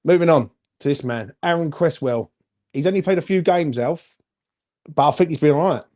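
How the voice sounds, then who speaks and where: A man co-hosting a casual football fan chat, animated and chatty, calling everyone "mate". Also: on the high side, normal speed. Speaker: fan channel co-host.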